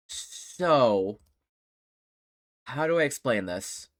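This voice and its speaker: A streamer doing live gameplay commentary, reading dialogue aloud and reacting with loud laughs. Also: mid-range voice, very animated, slow pace, long pauses.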